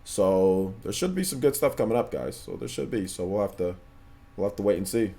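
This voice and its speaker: A man's voice: on the low side, expressive, a little fast, gravelly, warm tone. A man hosting a gaming livestream in casual chat, laid-back and slangy, often repeating himself while answering viewers. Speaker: livestream host.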